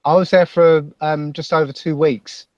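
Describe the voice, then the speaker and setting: Male guest, Basildon accent, halting, self-deprecating, pitched a bit high, dry close sound. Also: steady tone, dry recording, highs cut off. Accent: Basildon, Essex. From England. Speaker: podcast guest. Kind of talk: casual chat.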